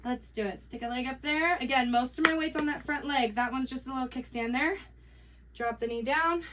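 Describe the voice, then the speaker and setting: A woman's voice: sits high, a little fast, very noisy. A woman fitness coach leading a workout as she exercises, counting reps aloud, upbeat and joking, out of breath. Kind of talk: workout instruction while exercising.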